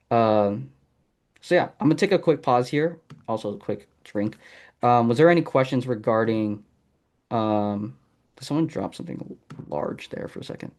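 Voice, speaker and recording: A man's voice: mid-range voice, a little mellow. A man hosting a live online masterclass over a video call, coaching in a casual, encouraging way with frequent ums. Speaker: masterclass host and sales coach. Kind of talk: live online teaching session.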